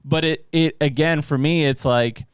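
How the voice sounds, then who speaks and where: A man hosting a hunting podcast, explaining his approach in a steady, casual way. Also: on the high side, normal speed, clean tone, no echo, studio quality. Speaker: podcast host. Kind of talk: casual chat.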